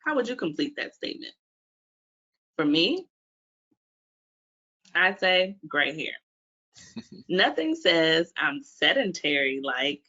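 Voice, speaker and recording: A woman from Washington, D.C. gives a webinar talk as a physical therapist. Her voice is bright and forward, and she keeps asking the audience questions. The audio is dull and lo-fi, like a webinar stream. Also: low voice, big pitch swings, takes it slowly, pauses often. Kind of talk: webinar presentation.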